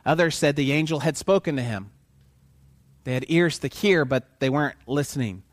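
A man preaching a sermon who keeps asking his listeners questions and pauses for their answers, swinging from quiet to loud for emphasis. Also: on the high side, no echo.

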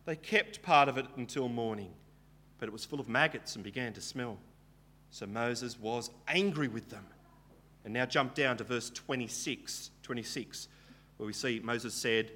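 A man's voice: mid-range voice, moderate pace, pushed and bright. A man preaching a Bible teaching sermon, retelling the story casually and asking rhetorical questions.

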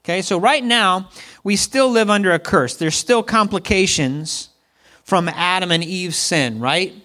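A middle-aged man delivers a sermon in a conversational way. His voice sits a little high, and he keeps calling on the congregation to repeat lines back to him. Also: unhurried, sharp tone. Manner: conversational preaching with congregation call-and-response. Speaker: pastor.

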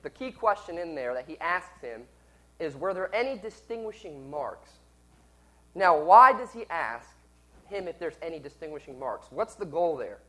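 A man's voice: a little high, fairly bright tone, rough recording. Sick preacher quizzing his listeners. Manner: conversational, asks the audience questions. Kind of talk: sermon and teaching.

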